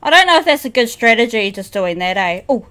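High, lively woman streamer. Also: fairly quick. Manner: jumpy, shrieks and repeats herself; talks to chat. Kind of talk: live horror game commentary.

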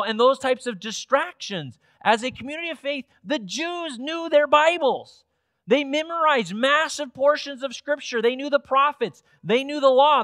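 High-voiced earnest male pastor preaching. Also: fairly bright tone, no echo. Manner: earnest preaching with repeated restarts, rising to emphatic peaks. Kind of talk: sermon. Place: church sanctuary.

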